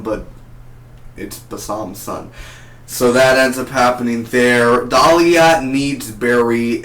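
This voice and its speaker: A man of ordinary pitch talks through a TV episode in a loose, excitable way, stumbling over his words and circling back as he goes. The room around him is bare and echoey, so his voice rings off the walls. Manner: excitable and rambling, repeats and restarts words. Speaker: TV episode reviewer. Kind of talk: casual spoken review.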